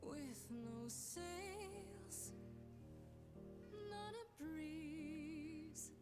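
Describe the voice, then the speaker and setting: A young woman's sad ballad in a musical game. her voice is high and the lines stretch out very slowly with melancholy weight, over music. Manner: slow, melancholy singing.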